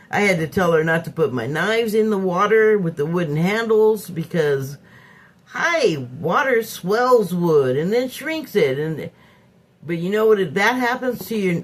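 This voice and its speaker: A woman telling a personal story to camera in a casual monologue, animated and candid, swearing freely and acting out both sides of an argument. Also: lowish voice. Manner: acts out both sides of a quarrel in quoted voices. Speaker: vlogger.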